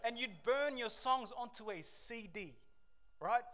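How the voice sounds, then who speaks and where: A man preaching a sermon to a church congregation, swinging from loud exhortation to hushed, emotional confession. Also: extremely high pitch, expressive, a little slow, a little hiss or hum. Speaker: pastor. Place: church service.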